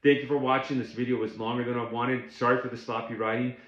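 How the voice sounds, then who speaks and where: A man's voice: mid-range voice, little pitch movement, quick pace, a bit bright, echoey room, dull audio. A man coaching beginners in a casual, blunt and plainspoken way, often restarting his sentences. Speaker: tax overage business coach. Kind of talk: casual instructional talk to camera.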